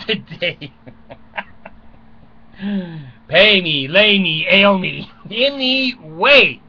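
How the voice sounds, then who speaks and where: An older man talks on and on in a loose comic monologue, cracking crude jokes at his own expense and chuckling between lines. His voice has a bright, sharp edge. The recording is dull and lo-fi, made in a small closet at home. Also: high voice, lively intonation, slow pace, pauses often. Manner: chuckles often, crude self-mocking jokes. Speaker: vlogger.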